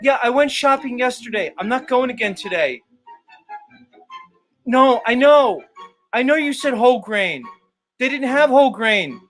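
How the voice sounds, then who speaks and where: A man playing a simpering, giggling streamer in a high whiny voice. Light music sits faintly under the voice. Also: expressive, measured pace, pauses often, fairly bright tone, full character voice, rough recording. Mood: flustered. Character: whiny mocking parody of a male rival streamer.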